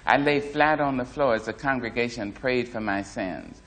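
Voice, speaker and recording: A man reading a first-person memoir aloud in a measured, expressive way. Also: mid-range voice. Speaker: narrator.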